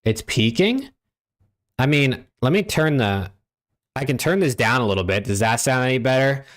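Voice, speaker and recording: A man's voice: medium pitch, animated, moderate pace. A young man from the United States, hosting a live-stream watch party and chatting casually with his viewers, laid-back and profane, on a desk mic at home. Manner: laid-back, profane, talks to chat and reads out usernames.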